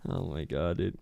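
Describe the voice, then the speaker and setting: A man's voice: low voice, vocal fry, dry recording. A young man hosting a political call-in stream, ranting casually with mocking sarcasm and calling everyone bro. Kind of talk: casual livestream rant.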